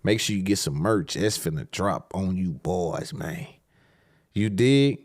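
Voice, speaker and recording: A man's voice: low-pitched, animated, measured pace, darkish tone, no room sound, studio quality. A man hosting a podcast in casual solo commentary, laid-back and slangy, rambling with repeated fillers. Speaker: podcast host.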